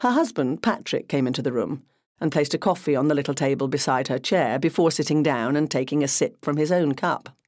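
A narrator reading a crime novel aloud in an even, measured way. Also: medium pitch, no echo, clean studio sound. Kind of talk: scripted audiobook narration.

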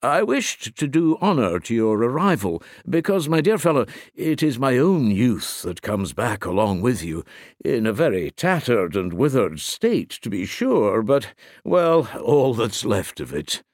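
A man voicing a talkative, courtly male lawyer who teases his friend with a mystery, speaking in a raised, lively voice. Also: medium pitch, unhurried, no echo, clean studio sound. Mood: genial.

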